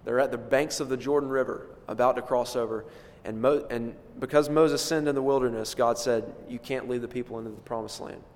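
A man preaching an expository sermon with emphatic delivery, rising for stress and dropping low for quiet points. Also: steady tone, a little fast, few pauses. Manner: emphatic, swells and drops in loudness for stress. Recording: long reverb of a large hall.

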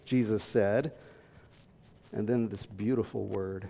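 A man's voice: mid-range voice, a little slow, vocal fry, a little mellow. A man preaching a sermon, reading scripture aloud and explaining it earnestly, rising to emphatic peaks. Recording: long reverb in a large hall.

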